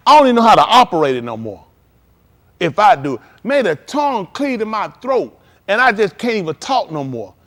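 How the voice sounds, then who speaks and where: A man preaching a live-streamed sermon in loose, slangy street talk, animated and emphatic. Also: high voice.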